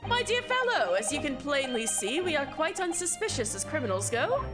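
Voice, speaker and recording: A woman's voice: high-pitched, very animated, normal speed. A woman voicing a pompous, eccentric male detective in a game, with theatrical, flowery phrasing, over game music. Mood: grandiose. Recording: game music playing behind.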